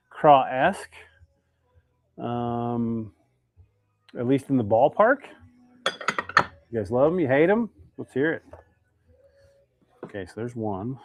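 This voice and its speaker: A man's voice: medium pitch, no echo, phone-quality sound. A man hosting a casual live stream while making fishing baits, chatting and reading viewer comments aloud. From Idaho, United States.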